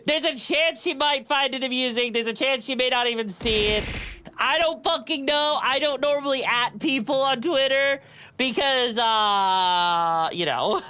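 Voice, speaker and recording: A woman's voice: on the high side, clean tone. A young woman streaming casually, giggling often and chatting back to her viewers. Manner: giggly, animated, reads and answers chat. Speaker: VTuber streamer. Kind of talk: casual live-stream chat.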